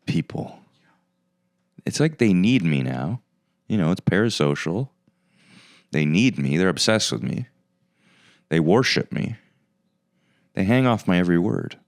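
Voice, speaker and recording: Male podcast host, low smooth voice, sarcastic mock-arrogant banter, casual comic monologue. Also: no room sound, clean studio sound.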